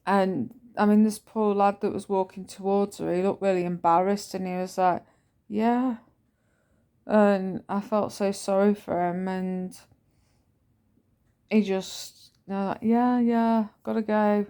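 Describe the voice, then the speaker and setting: A woman's voice: medium pitch, level tone, a little slow, warm tone, smooth. A woman telling a personal story in a casual, rambling vlog. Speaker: vlogger.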